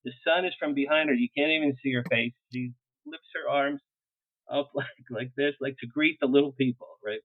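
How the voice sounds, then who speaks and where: Animated older man on a tinny phone line. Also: medium pitch, brisk, no room sound. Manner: animated, laughs while telling, acts out what people said. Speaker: publicist guest. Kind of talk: anecdotal storytelling in an interview.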